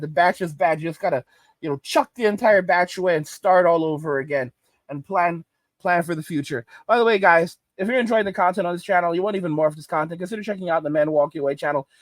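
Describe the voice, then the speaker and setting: A man's voice: high-pitched, quick pace, no room sound. A man hosting a commentary channel, ranting emphatically and repeating his points. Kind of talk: reaction commentary.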